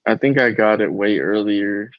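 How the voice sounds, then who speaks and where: A man's voice: lowish voice, normal speed, no echo. A man with a Southern Florida accent hosting a podcast in casual chat, rambling and laid-back, often trailing off mid-sentence. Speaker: podcast host. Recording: dry, dull lo-fi audio.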